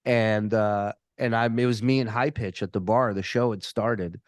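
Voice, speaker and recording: A man telling a story as a podcast guest, animated and profane, often repeating words as he restarts his sentences. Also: fairly low pitch, moderate pace, no room sound, studio quality. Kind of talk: casual storytelling.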